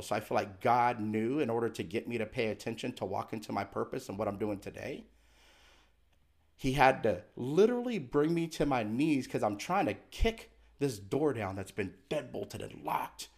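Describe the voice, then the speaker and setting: Gravelly middle-aged man telling his story. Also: medium pitch, darkish tone. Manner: earnest and emphatic, acts out remembered dialogue; candid and confessional. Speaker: podcast guest. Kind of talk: personal storytelling in conversation.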